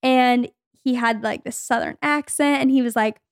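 A woman's voice: fairly high pitch, normal speed, vocal fry, few pauses, clean tone, dry recording, studio quality. Chatty young woman telling stories. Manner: chatty storytelling, quoting people in a lively voice. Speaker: podcast co-host. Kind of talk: casual chat.

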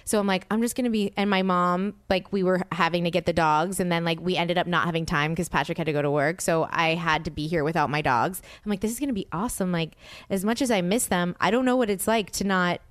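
A woman's voice: lowish voice, quick pace, few pauses, no echo, studio quality. A young adult woman hosting a podcast, telling a story in casual chat, acting out quotes and swearing freely. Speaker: podcast host.

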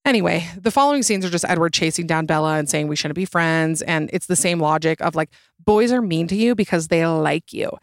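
A young woman hosting a solo podcast, talking in a sarcastic, exasperated way and jumping up in pitch for emphasis. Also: animated, fairly quick, dry recording, studio quality. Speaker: podcast host.

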